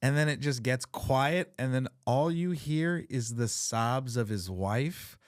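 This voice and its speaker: A man hosting a podcast, telling funny family stories in a casual, profane, animated way. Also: medium pitch, slow, dry recording, clean studio sound. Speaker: podcast host. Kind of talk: casual chat, storytelling.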